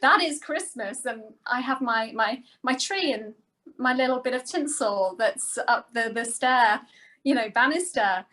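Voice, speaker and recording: A woman's voice: fairly high pitch, a little slow, fairly bright tone, low-quality recording. A woman co-hosting a talk show, chatting with enthusiasm and talking straight to the audience. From outside the United States. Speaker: co-host. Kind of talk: casual chat.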